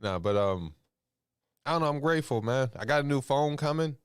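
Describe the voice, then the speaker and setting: A man hosting a call-in podcast, talking in a relaxed, rambling, slangy way. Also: medium pitch, a little fast, smooth, no room sound, studio quality. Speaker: podcast host. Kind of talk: casual call-in chat.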